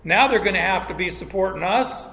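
A man's voice: high voice, expressive, brisk, gravelly, pushed and bright. A man preaching a sermon as pastor, conversational with folksy asides. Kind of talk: expository sermon. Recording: long reverb of a large hall.

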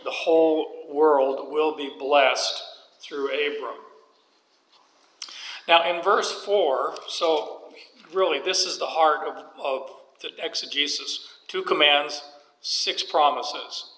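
A pastor preaches slowly and deliberately, dropping folksy jokes as he explains scripture. His voice sits a bit high and rings bright and forceful. The sound carries the roomy echo of a church hall with a long reverb tail. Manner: folksy, joking asides while teaching scripture. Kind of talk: sermon.

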